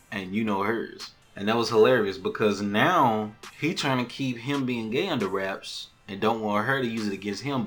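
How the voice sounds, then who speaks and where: A man hosting a podcast, recapping a TV episode in a loose, animated way and acting out the characters' lines. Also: lowish voice. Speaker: podcast host.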